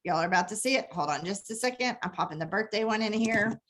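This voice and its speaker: A woman giving a chatty, animated live training talk on her phone, thinking aloud as she types. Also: medium pitch, fast talker. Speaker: direct sales team leader.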